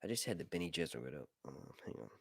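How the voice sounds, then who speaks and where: A man talks through a film review in a loose, swearing, jokey way, his pitch jumping up and down as he goes. He drifts into tangents and reads passages aloud between them. The sound is close and dry, with no room around it. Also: very animated, fast, gravelly, a bit bright, husky, no echo. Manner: profane, rambling, jokey asides. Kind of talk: casual movie commentary, reading aloud.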